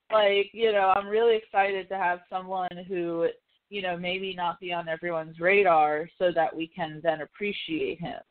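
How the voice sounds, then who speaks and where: A woman hosting a podcast, chatting casually about films, swearing freely and acting out quotes. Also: fairly low pitch. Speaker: podcast host. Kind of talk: casual pop-culture chat. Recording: tinny phone-like call audio.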